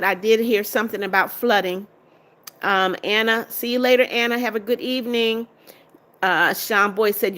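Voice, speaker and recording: A middle-aged American woman chats her way through a live stream, reading viewer comments aloud and answering them one by one. Her voice is bright and clear, with an easygoing, talkative flow. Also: medium pitch. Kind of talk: casual live-stream chat.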